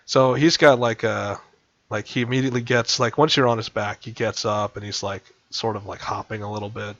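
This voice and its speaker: A man's voice: lowish voice, fairly even intonation, brisk, a bit bright, muffled recording. A man narrating a tabletop game as game master, rambling with many fillers and acting out creature grunts.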